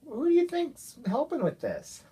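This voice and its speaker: A father giving his young daughter an earnest, gentle talk, often checking with "okay?". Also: very high-pitched, huge pitch swings, moderate pace. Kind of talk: heartfelt talk to his child.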